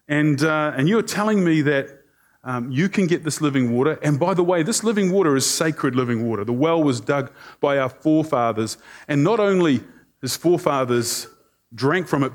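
Male preacher doing a sassy, mocking woman at a well; light, slightly raised voice, lippy. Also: on the high side. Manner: teasing, lippy, one-upping.

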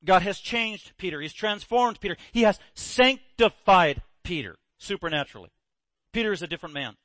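A man's voice: high voice, normal speed, no echo. A man preaching a sermon, telling a story with energy and acting out the quoted voices. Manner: animated storyteller, acts out quotes. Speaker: pastor.

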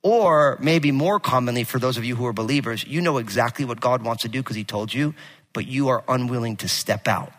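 Man, pastor, sermon, bright ringing tone, animated and casual, big hall echo. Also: mid-range voice, brisk. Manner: animated storytelling, casual and joking. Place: church sanctuary. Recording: long hall reverb.

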